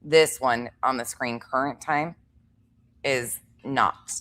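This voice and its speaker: Low-voiced sarcastic woman commentator. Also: steady tone, takes it slowly, fairly bright tone. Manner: sarcastic, dismissive asides. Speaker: commentator reacting to a stream. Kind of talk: casual reaction commentary.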